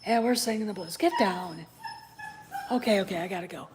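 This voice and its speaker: A woman's voice: mid-range voice, very fast, noisy background. A woman hosting a casual vlog, speaking bluntly with profanity and conspiratorial asides, at home. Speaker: channel host. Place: home with a puppy nearby.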